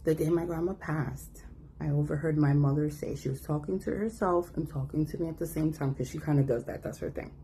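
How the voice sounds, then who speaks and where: A woman telling a personal story in a casual, animated way, acting out the voices of the people in it. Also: low voice, brisk, slight background noise. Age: adult. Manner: animated, acts out quoted voices.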